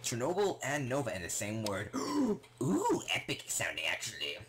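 Young male gaming vlogger, rambling and excitable, very lively pitch. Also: fairly quick, heavy background noise. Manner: rambling, excitable, full of fillers. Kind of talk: casual rambling vlog talk.

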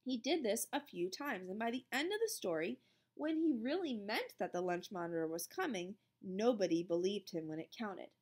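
A woman's voice: mid-range voice, expressive, normal speed, a little mellow. A woman teacher reading a storybook aloud expressively, then explaining the lesson.

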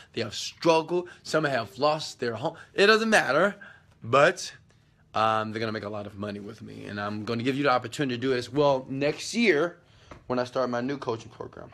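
A man's voice: mid-range voice, a bit bright. A man chatting loosely on a live stream from a hotel suite, hyping his business coaching and filming with a phone at arm's length. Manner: loose and chatty, hype-driven. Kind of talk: casual live-stream chat.

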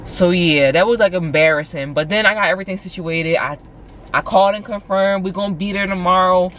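A young woman from Philadelphia with a Philly accent, telling a story in a casual, animated vlog from her car and saying "like" a lot. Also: fairly low pitch, fairly quick, a little hiss or hum. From Philadelphia, USA. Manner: animated, chatty, heavy use of "like". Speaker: vlogger.

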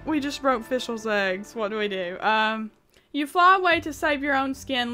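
High bright girl reading a text game out loud, laughs a lot, swears when stuff goes wrong. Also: moderate pace. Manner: laughs often, swears and exclaims in disbelief. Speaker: gaming YouTuber. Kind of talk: reading a text adventure aloud and reacting.

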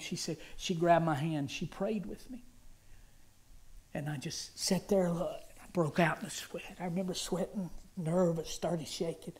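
A male guest preacher giving a sermon testimony, telling it dramatically and swinging from hushed whispers to loud cries. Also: on the high side, steady tone, normal speed.

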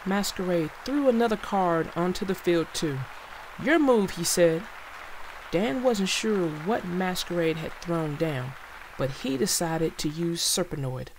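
A woman narrating a children's storybook with a slow, expressive delivery. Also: on the low side, gravelly, slight background noise. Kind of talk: reading a children's book aloud.

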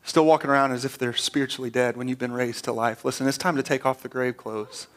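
A man's voice: mid-range voice, fairly even intonation, fast talker. A man preaching a sermon as pastor, earnest and conversational, often repeating words as he restarts.

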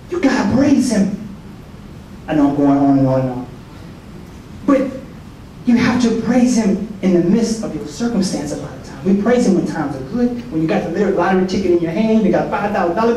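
Folksy preaching man, high and echoing. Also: fairly quick, dark tone. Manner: folksy and preacherly, acting out quoted voices, joking with the crowd. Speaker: soldier giving a prayer breakfast talk. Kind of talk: sermon. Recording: echoey hall from far off, faint noise.

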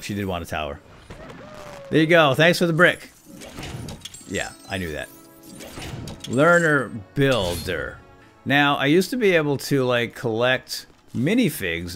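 A man giving excitable, jokey commentary while playing a video game. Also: medium pitch. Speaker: let's play gamer. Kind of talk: casual gameplay commentary.

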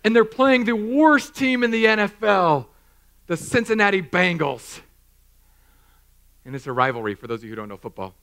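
A man in his thirties preaching a sermon in a church, animated and self-mocking, acting out little scenes. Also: high-pitched, moderate pace, gravelly, long pauses. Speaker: pastor. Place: church hall.

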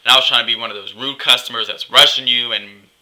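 A man's voice: medium pitch, steady tone, quick pace, pushed and bright, low-quality recording. A young man vlogging in a chatty, gossipy way, acting out what others said. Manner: chatty, gossipy, acts out quotes. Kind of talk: casual vlog rant.

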